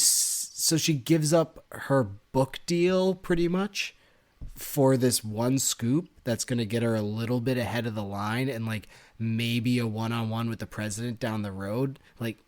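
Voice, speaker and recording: A man co-hosting a book-club podcast, picking apart a story with sarcastic, ranting critique. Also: mid-range voice. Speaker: podcast co-host. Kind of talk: casual book-club discussion.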